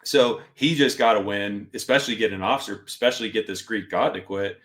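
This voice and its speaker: A man's voice: on the low side, fairly quick. A middle-aged man telling a story in casual conversation as a podcast guest, animatedly acting out the voices of others. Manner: animated, acts out instructors' lines in quotes.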